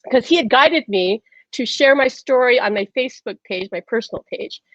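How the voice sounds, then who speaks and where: Woman host, high voice, dry and dull sound, animated storytelling, laughs a lot. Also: normal speed, dry recording. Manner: laughs often, retells conversations in quotes.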